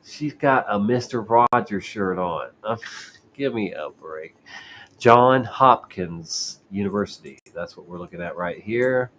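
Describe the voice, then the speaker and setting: Male host, slow drawl, reads articles aloud, trips on words, sarcastic asides. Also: lowish voice, lively intonation, a bit bright, slight background noise. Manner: stumbling, repeats and restarts words while reading. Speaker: show host. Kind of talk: casual commentary reading news articles aloud.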